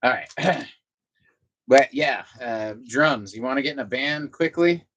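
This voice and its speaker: A man talks loosely to his viewers from home, as casual chat. He rambles and restarts his thoughts, and he drops a curse here and there. His pitch sits in the middle. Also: a little slow, slight background noise, poor audio. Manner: rambling, relaxed, swears casually. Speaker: vlogger. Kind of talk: casual chat to viewers while doing chores. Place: apartment at home.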